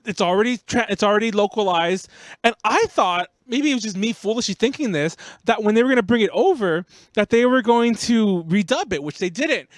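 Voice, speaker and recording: A podcast host talks casually with a very high, light voice. He rambles, laughs and defends himself. The sound is dry and close to the mic. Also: animated, brisk, dry recording.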